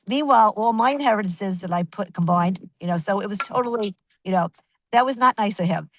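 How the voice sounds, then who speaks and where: A woman in her fifties telling her story as a guest in an interview, animated and chatty, restarting sentences and acting out what others said. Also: medium pitch, brisk, slight background noise, poor audio. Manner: animated, chatty, with many restarts and acted-out quotes.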